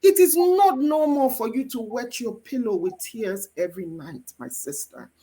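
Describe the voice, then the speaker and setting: Animated woman with a Nigerian accent. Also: fairly high pitch, normal speed. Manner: animated, emphatic preacher-like delivery. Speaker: guest mentor. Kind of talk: faith-based marriage teaching.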